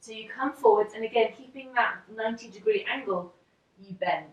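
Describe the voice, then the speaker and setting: A woman teaching yoga, calmly talking through each pose step by step while demonstrating. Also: fairly high pitch, fairly quick. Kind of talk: instructional walkthrough. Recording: very echoey room, distant mic.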